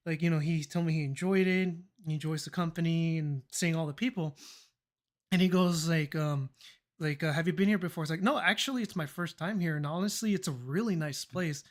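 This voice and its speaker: In a brisk, mid-range voice, a young adult streamer tells rambling stories in casual chat. There's laughter, some swearing, and quoted dialogue acted out along the way.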